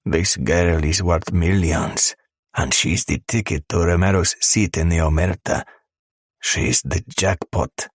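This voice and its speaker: A man plays rough smugglers with a very deep, low voice, crude and menacing in their talk. The sound is dry and close, with no room around it. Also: steady tone, slow pace, no echo, full character voice. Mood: greedy. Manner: crude, menacing, tough-talking. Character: gruff male smugglers and mafia man. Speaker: audiobook narrator. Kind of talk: scripted audiobook narration.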